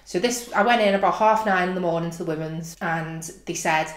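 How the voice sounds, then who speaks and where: A young Scouse woman vlogging, telling a funny personal story with animated swings from low muttering to loud outbursts. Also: brisk. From England. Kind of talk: comic storytelling. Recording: echoey room.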